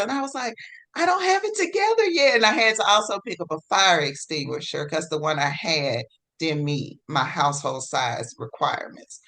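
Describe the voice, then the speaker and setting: A woman telling her own story as a podcast guest, swinging between hushed and excited and acting out her own past words. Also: medium pitch. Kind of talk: personal storytelling in a podcast interview.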